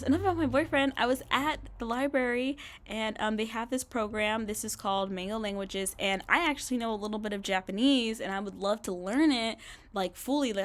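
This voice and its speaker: Chatty young woman rambling at home. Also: fairly high pitch. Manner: chatty, frequent "like" fillers, laughs often. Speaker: vlogger. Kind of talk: casual rambling vlog. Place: bedroom in an apartment.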